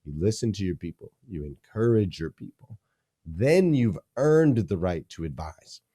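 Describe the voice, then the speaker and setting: Deep-voiced, energetic male leadership coach. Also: normal speed, husky. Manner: energetic, emphatic teaching with punchy repeated phrases. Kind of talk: podcast interview.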